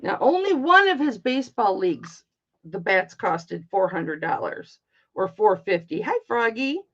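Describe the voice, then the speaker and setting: Slow, chatty middle-aged woman. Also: mid-range voice, big pitch swings, fairly bright tone. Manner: chatty, swears freely, greets viewers by name. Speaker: live-stream jewelry auction host. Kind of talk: casual chat while selling. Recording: dull lo-fi stream audio.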